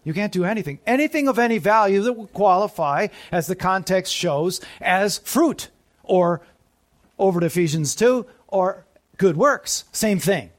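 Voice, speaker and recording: A man preaching a sermon, often putting questions to the congregation and dropping to quieter asides. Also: sits high, animated, moderate pace. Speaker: pastor.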